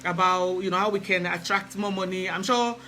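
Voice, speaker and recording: A high-pitched man with a very bright, sharp tone talks casually on a live stream. He speaks hesitantly, pausing often with fillers, and greets his viewers by name in a chatty way. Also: fairly even intonation, a little hiss or hum, poor audio. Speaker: spiritual practitioner hosting a live stream. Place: lives in England.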